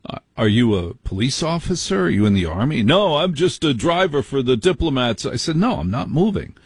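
A man hosts a late-night call-in radio show and trades stories with callers in a blunt, indignant way. His voice is slightly husky and mid-pitched. The sound is dry and close. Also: lively intonation, brisk, dry recording.

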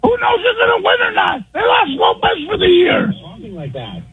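Hoarse guy from minnesota yelling down a tinny phone line, super high and gravelly, all over the place. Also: huge pitch swings, fairly quick, no echo. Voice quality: raspy, high and strained. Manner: hollering, frantic and rambling. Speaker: caller. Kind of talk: call-in chat.

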